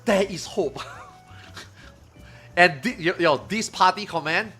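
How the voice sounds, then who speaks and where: A man streaming, telling a story to his chat in a casual, animated way, swearing and loudly acting out what others said. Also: high voice, slow, faint music behind. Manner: animated retelling, acts out quotes loudly, swears, laughs.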